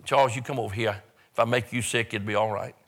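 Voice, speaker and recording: An older man, preaching a funeral sermon as a pastor, his delivery swelling up and dropping quietly. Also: fairly low pitch, steady tone, fast.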